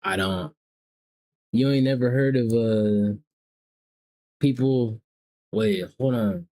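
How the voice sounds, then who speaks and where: This livestream host, a young man from the American South, ribs strangers in relaxed, cursing banter. He speaks slowly in a mid-range voice that is gravelly and warm.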